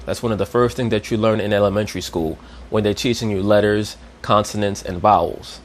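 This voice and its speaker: A man's voice: lowish voice, a little fast, a little hiss or hum. A man giving a lecturing commentary, didactic and checking in with his listeners. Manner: didactic, repeats "you understand?".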